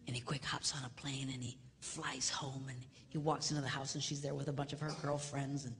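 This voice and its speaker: A male seminar speaker addressing a live audience in a comedic, preacher-like way. He swings from hushed near-whispers to loud, laughing shouts. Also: medium pitch, level tone, a little fast. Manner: preacher-like exhortation. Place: large hall before a live audience. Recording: hall reverb with faint noise.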